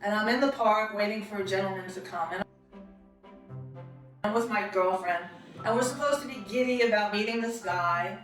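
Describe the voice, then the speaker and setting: A woman from Queens with a New York accent chats through a casual storytelling monologue about acting class, laughing often and acting out quotes. Her mid-range, slightly bright voice moves at a normal speed, heard from far off the mic with heavy reverb and faint music behind her.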